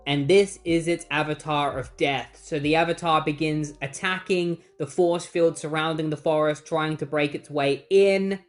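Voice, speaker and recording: A man's voice: fairly high pitch, steady tone, moderate pace, hardly any pauses, soft background music. A man casually recapping a comic book story in a chatty, sarcastic way and acting out the characters.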